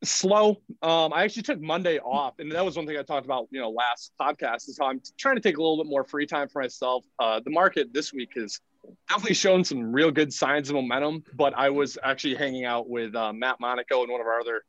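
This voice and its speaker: A man's voice: medium pitch, quick pace, fairly bright tone, no echo, lo-fi sound. A man who trades, talking as a podcast guest in an easygoing casual chat and laughing often.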